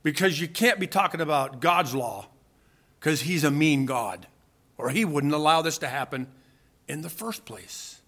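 Male preacher, emphatic sermon delivery, rhetorical questions, high bright tone. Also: expressive, measured pace. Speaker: pastor.

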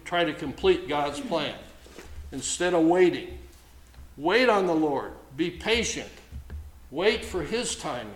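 Male pastor preaching, slow, deliberate and emphatic, slightly high voice, roomy echo. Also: a bit bright. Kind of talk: sermon. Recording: echoey room with faint ambience.

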